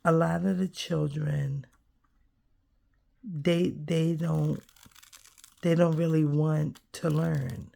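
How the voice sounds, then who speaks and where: Brief: woman vlogger, slow and gravelly, soft and reflective, low-pitched. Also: steady tone. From United States. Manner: soft-spoken, musing, trails off with ums. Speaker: crafting vlogger. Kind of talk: reflective casual vlog while gluing paper.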